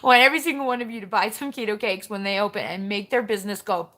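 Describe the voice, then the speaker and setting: A woman's voice: mid-range voice, fairly even intonation, rapid-fire, a bit bright. A woman hosting a casual live stream, chatting in a rambling way and talking straight to her viewers as she reads their comments. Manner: chatty and rambling, jumps between topics, talks straight to viewers.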